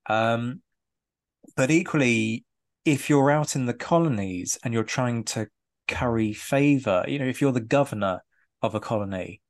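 A man's voice: medium pitch, unhurried, no echo, clean studio sound. A man hosting a podcast, asking long, thoughtful, winding questions of a guest. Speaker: podcast host. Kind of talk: conversational podcast interview.

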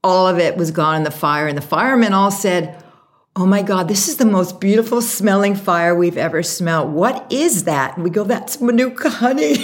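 A woman guest tells her story with animation and acts out what people said to her. Her voice sits fairly low for a woman. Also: normal speed. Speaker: guest, makeup artist and brand founder. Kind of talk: interview storytelling.

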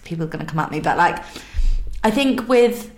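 A woman hosting a podcast, chatting casually and telling animated stories. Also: lowish voice, a little fast, echoey room. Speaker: podcast host. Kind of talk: casual chat.

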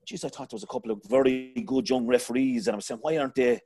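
A man's voice: medium pitch, fairly even intonation, rapid-fire, warm tone. A middle-aged Irish man hosting a casual sports chat, rambling and talking to his panel as lads. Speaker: podcast host.

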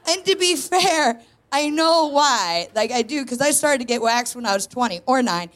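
A woman's voice: sits high, animated, normal speed, a bit bright, a little hiss or hum. A woman in her thirties doing a frank, self-mocking stand-up comedy set on a live stage. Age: 30s. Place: live stage in a tent before an audience.

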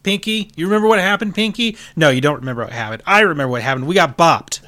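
A man's voice: expressive, quick pace, pushed and bright. A man voicing a fretful, scheming male lab mouse who warns and scolds in a raised voice. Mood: scolding. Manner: high, urgent warnings.

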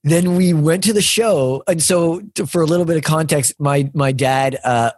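Male guest, husky and slightly high, rambling and hesitant, dry close mic. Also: moderate pace, darkish tone, no room sound. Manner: rambling, hesitant storytelling with fillers and swearing. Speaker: podcast guest. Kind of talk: casual chat.

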